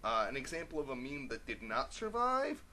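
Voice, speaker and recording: A man's voice: mid-range voice, sing-song, moderate pace, bright, forceful tone, slight background noise. A young man vlogging casually to camera, chatty and rambling with many fillers. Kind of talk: casual vlog talk to camera.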